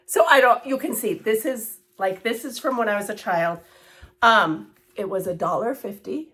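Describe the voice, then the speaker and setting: A woman's voice: medium pitch, moderate pace, fairly bright tone. A woman in her thirties chatting casually in a cross-stitch vlog, rambling with asides and fillers. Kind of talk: casual chat.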